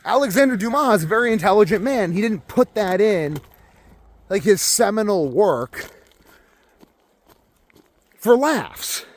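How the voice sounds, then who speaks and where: Young male vlogger, high-pitched, profane emphatic ranting monologue. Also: animated, a little slow, long pauses.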